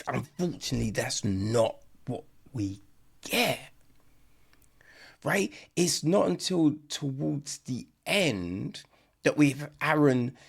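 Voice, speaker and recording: A man's voice: medium pitch, gravelly, breathy edge. A man giving a blunt, profane, casual film review on a podcast, acting out lines as he goes.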